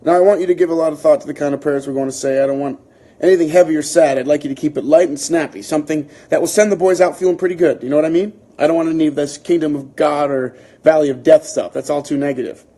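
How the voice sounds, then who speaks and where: A man's voice: a little high, fairly even intonation, fast talker, dark tone, natural voice. A man reading as a brusque, bossy army colonel. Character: brusque self-important male army colonel.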